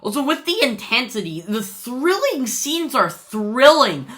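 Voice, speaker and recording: A woman's voice: a little high, big pitch swings, a little slow, a bit bright. A woman giving an unscripted movie review in a casual vlog, gushing and rambling with lots of fillers and restarts.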